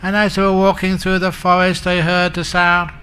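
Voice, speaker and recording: A man's voice: high voice, monotone, normal speed, sharp tone, smooth. A man giving a Buddhist dharma talk, telling humorous stories and chuckling at his own jokes. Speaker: Buddhist monk teacher.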